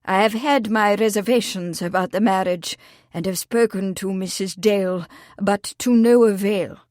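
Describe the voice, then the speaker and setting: A woman voicing a soft-hearted male village vicar who talks in a hesitant, troubled, muttering way. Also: mid-range voice, moderate pace, dry recording, studio quality, lightly acted.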